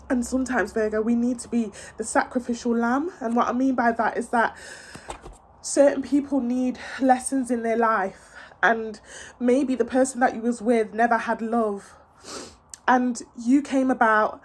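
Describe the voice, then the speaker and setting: A woman giving a casual tarot reading to her viewers, earnest and reassuring, with many fillers and repeated words. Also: on the high side. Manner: emotional, tearful, earnest and reassuring. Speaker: tarot reader.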